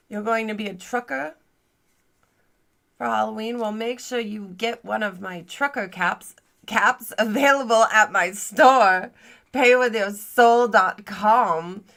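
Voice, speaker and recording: High, bright-voiced woman hosting improv comedy. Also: slow pace, creaky, long pauses. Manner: teasing, scolding, laughs often. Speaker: comedy livestream host.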